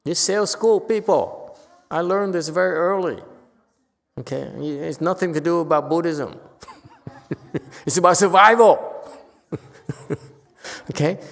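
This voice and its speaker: A man giving a casual Buddhist talk to a group, with loud bursts when he acts out quoted lines. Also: a little high, a little slow, long pauses, in a large hall. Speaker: Buddhist teacher. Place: temple hall.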